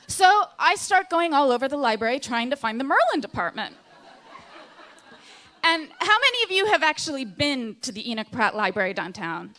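A woman telling a self-deprecating, animated comic story live to an audience. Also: high-pitched, moderate pace. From Seattle.

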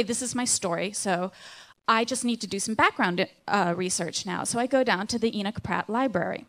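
A woman telling a self-deprecating, animated comic story live to an audience. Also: mid-range voice. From Seattle.

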